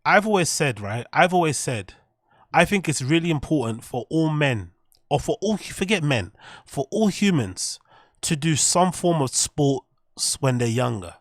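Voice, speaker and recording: A man's voice: on the high side, sing-song, a little slow, dry recording, studio quality. A man hosting a livestream, rambling and swearing casually as he talks to his viewers. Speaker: streamer host.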